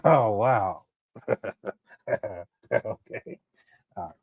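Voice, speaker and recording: A man's voice: fairly low pitch, lively intonation, drawn-out words, slightly rough, no room sound, highs cut off. A man hosting a critical livestream commentary, reading chat aloud and breaking into laughter, his throat sore. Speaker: commentary host.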